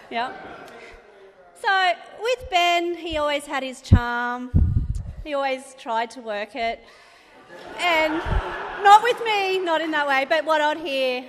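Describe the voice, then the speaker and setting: A woman's voice: sits high, a bit bright. A woman in her thirties with an Australian accent giving a chatty, rambling wedding speech for her sister, laughing often. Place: wedding reception venue. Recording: reverberant hall.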